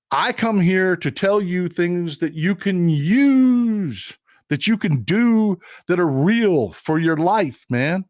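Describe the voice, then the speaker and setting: A man's voice: high voice, dry recording, studio quality. Blunt, emphatic livestream host, man. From Texas. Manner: blunt, emphatic, repeats short phrases for emphasis; reads out viewer comments and thanks donors. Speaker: livestream political commentary host. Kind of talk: casual political commentary livestream. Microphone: streaming setup mic.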